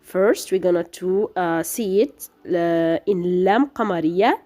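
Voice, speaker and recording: Slow, lively-voiced woman teaching letter sounds. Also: mid-range voice. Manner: hesitant, many fillers and restarts, sounding out letters. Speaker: tajweed teacher. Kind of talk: recorded lesson explaining letter pronunciation.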